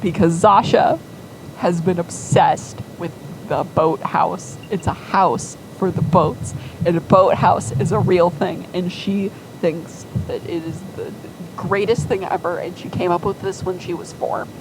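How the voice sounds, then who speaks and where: A woman rambling through a story at a slow, unhurried pace, her sentences full of fillers. Her voice sits a bit low. A steady hum of background noise runs under her talk.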